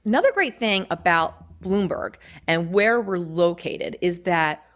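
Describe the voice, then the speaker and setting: A woman's voice: on the low side, unhurried, lo-fi sound. A woman from Baltimore with a Baltimore accent, giving an upbeat, conversational presentation to admitted students. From Baltimore, Maryland. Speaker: campus service office presenter. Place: lecture hall.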